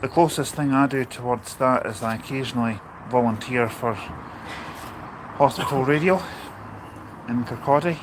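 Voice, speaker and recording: A Scottish man hosts a casual livestream outdoors at a railway station in the rain, chatting, joking and reading viewer comments aloud. His voice is mid-range and a little slow, with frequent pauses, against a noisy background.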